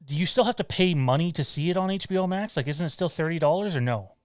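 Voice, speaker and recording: A man's voice: fairly high pitch, lively intonation, quick pace, no echo, clean studio sound. A man from Canada co-hosting a podcast in casual chat, hesitant with lots of fillers and blunt, swearing remarks. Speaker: podcast co-host.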